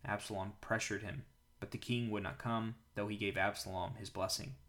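Calm low-voiced man reading scripture. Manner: calm, measured reading aloud. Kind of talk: daily Bible reading with prayer.

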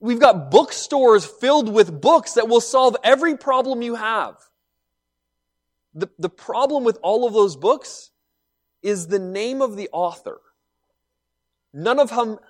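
A man preaching a sermon, reading scripture and explaining it with animated emphasis and quiet asides. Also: high voice, a little slow. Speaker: pastor.

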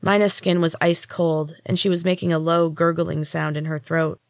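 A woman narrating a story in the first person, in an even, measured reading as a podcast host. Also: on the low side, dry recording, studio quality.

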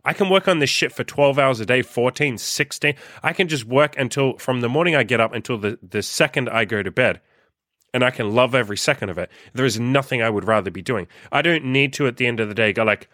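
A man's voice: medium pitch, brisk, sharp tone, no echo, clean studio sound. A young man hosting his own podcast, ranting bluntly and profanely as he scolds listeners. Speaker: podcast host and coach. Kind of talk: ranting solo podcast monologue.

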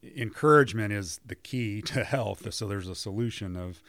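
A man with a very low, gravelly voice, speaking as a marriage counselor in an earnest, affirming way. The sound is close and dry, with no room echo. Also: moderate pace, fairly bright tone. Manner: earnest, affirming, many back-channel hums. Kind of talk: conversational podcast discussion.

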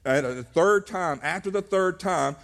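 A man's voice: high voice, unhurried, vocal fry, fairly bright tone. A male pastor preaching a sermon at a church service, earnest, often restarting his words.

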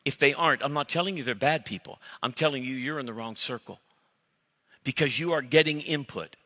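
A middle-aged male pastor preaches with a very bright, cutting voice that rings through a reverberant church hall. His delivery is blunt and emphatic, punching out lines and firing off mock arguments. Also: mid-range voice, brisk. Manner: emphatic, blunt preaching with sudden loud mock-dialogue bursts. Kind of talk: sermon.

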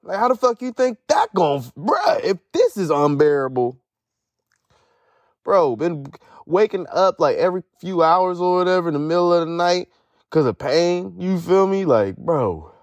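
Profane rambling young man, slightly high voice. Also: animated, normal speed, no echo. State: in pain from a foot injury. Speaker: podcast host. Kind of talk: casual podcast monologue. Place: sitting outdoors at home.

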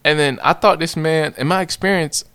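A young man telling a personal story in a casual, slangy, animated way, repeating phrases. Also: a little high, moderate pace, clear, resonant tone, dry recording.

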